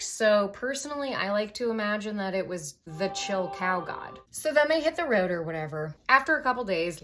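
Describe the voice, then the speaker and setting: Young woman doing tipsy bible comedy, lowish voice, sarcastic, swears a lot, says like constantly. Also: fairly bright tone. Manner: sarcastic, profane, valley-girl fillers. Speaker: comedy podcast host. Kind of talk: tipsy comic Bible retelling.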